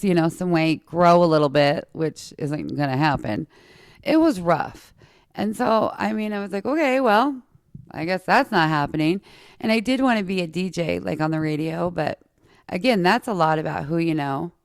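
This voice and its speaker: A woman from Utah with a slight lisp tells personal stories in a casual, chatty way, talking straight to her listeners. Her voice sits a little low and has a gravelly fry, yet it comes across smooth and resonant. The sound is close and dry. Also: no room sound. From Utah, USA. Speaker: podcast host.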